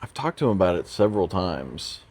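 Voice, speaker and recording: A man's voice: low-pitched, sing-song, fairly quick, a little mellow, breathy edge. A young man as a podcast guest, rambling through anecdotes with restarts and laughs. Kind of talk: casual chat.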